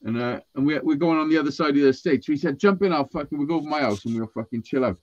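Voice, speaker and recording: A man tells a rowdy story to friends, swearing freely and acting out every line he quotes. His voice sits a little high. The sound is dry and close. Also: rapid-fire, no room sound, highs cut off. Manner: animated, swearing, acts out quotes. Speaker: storyteller in group chat. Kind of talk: casual chat.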